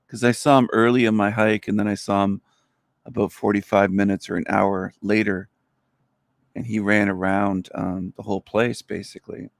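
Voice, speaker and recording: A middle-aged man hosts a livestream, delivering a casual, rambling monologue that is blunt, crude and opinionated. His voice is on the low side, flat and creaky, at a moderate pace, recorded with studio quality and no room sound.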